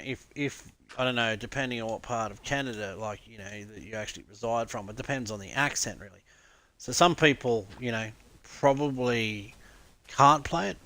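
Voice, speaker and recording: A man's voice: medium pitch, a bit bright, no room sound. An Australian man chatting casually on a live stream, rambling, laughing often and swearing freely.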